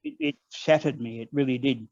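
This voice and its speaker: An older man with an Australian accent, telling personal stories as a guest in an online conversation, unhurried and with frequent ums. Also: mid-range voice, darkish tone, dry recording. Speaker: guest elder. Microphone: video call. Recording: dull lo-fi online call audio.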